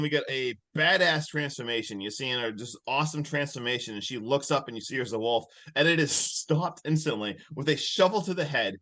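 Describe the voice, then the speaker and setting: A young man co-hosting a podcast, excitedly recapping a film and acting out its scenes with big swings between loud and quiet. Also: fairly high pitch. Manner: animated, swings loud and soft, acts out scenes. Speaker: podcast co-host.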